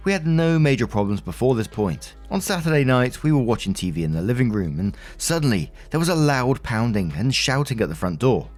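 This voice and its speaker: A man with a mid-range voice reads a written post aloud in a plain, level manner. Faint music plays quietly beneath his narration. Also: mid-range voice, sing-song, fairly quick, few pauses. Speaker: storytime narrator. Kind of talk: reading a forum post aloud.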